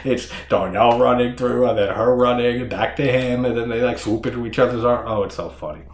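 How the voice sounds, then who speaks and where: A man's voice: medium pitch, brisk. A man reviewing a horror movie in casual, rambling talk, swearing often and laughing as he goes. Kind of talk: casual solo movie discussion. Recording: echoey room.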